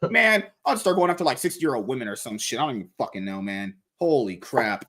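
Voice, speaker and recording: A man's voice: medium pitch, very animated, fairly quick, a bit bright. A man hosting a podcast, talking casually and animatedly, swearing freely and rambling with restarts. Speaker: podcast host.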